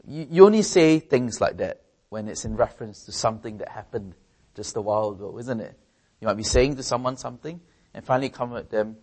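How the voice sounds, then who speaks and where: A man's voice: animated, fairly quick, darkish tone. Male preacher giving a sermon, earnest, presses on key words, often restarts phrases. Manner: earnest, rises in pitch and volume for emphasis.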